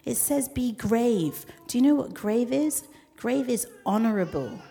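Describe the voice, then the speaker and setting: A woman gives a sermon in a lively, conversational way. She talks straight to her congregation, asks them questions and briefly acts out the voices of people she quotes. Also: a little high, a little slow, gravelly, faint music behind. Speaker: preacher.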